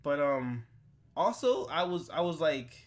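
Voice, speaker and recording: A man co-hosting a casual podcast, talking loosely and breaking into loud, laughing exclamations. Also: fairly high pitch, lively intonation, measured pace. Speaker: podcast co-host. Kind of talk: casual chat.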